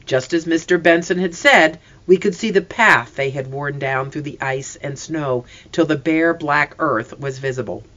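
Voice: mid-range voice, moderate pace, hardly any pauses, muffled recording. A storybook narrator reading aloud expressively, acting out the characters' lines as well. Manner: expressive, reads characters' voices.

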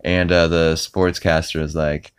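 A man's voice: extremely low pitch, little pitch movement, a little slow, clean tone, no echo, studio quality. A man hosting a podcast, casually retelling a cartoon episode with plenty of fillers and chuckles. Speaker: podcast host.

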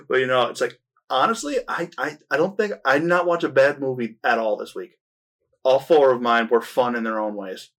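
A man's voice: medium pitch, normal speed, fairly bright tone. A man co-hosting a casual film podcast, talking enthusiastically and rambling with restarts. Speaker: podcast co-host. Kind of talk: casual film review chat.

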